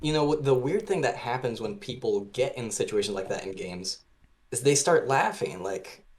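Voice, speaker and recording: A man's voice: mid-range voice, expressive, moderate pace. A man talking as a podcast guest about designing a game, loose and chatty, with lots of "like". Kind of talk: casual podcast chat.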